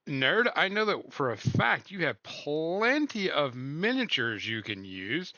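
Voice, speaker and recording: Man with a bright, forward voice. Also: fairly high pitch, very animated, slow pace, no echo, lo-fi sound. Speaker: stream co-host. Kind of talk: casual chat.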